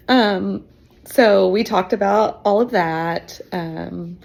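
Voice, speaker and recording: A woman's voice: mid-range voice, slow, gravelly, darkish tone. A woman in her fifties, a teacher, telling her own adoption story in an emotional, chatty way with fillers and laughs. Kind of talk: personal storytelling.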